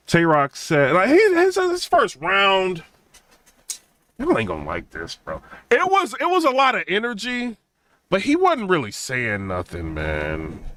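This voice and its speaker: A man's voice: high voice, wildly swooping pitch, measured pace, a bit bright. A man hosting a channel, reviewing a rap battle in casual, rambling commentary and trailing off with "man" and "bro". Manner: laid-back, rambling, drawls "man" and "bro", laughs between points.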